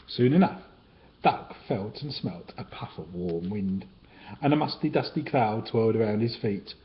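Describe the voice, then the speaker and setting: A man's voice: on the low side, expressive, normal speed, lo-fi sound, a little hiss or hum. Man reading a children's book aloud. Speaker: storyteller.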